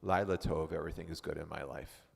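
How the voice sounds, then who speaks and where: A man's voice: rumbling low, steady tone, fast, creaky, breathy edge, pitched below the performer's own voice, exaggerated voice. A man playing a proud, obedient ancient wife who talks in a self-satisfied, mock-pious way. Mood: smug. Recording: reverberant hall.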